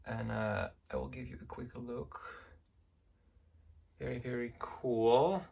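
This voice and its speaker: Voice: medium pitch, steady tone, slow, vocal fry, background noise. A collector in their twenties gives a casual, gushing tour of their shelves, filming one-handed and praising every item over and over. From Belgium. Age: 20s. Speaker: collector vlogger. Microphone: handheld camera held in one hand.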